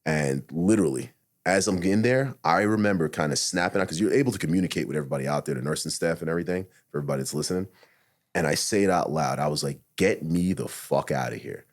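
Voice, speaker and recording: A middle-aged man with a low voice races through a candid personal story as a guest on a podcast. He is a retired SWAT officer who swears often and dramatizes his thoughts as quotes.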